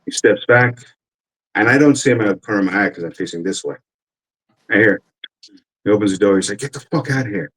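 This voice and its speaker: A man's voice: on the low side, fairly quick, long pauses, a bit bright, poor audio. A man in his forties, an army veteran telling a casual, rambling story full of cursing and fillers. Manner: rambling, profane, with many fillers.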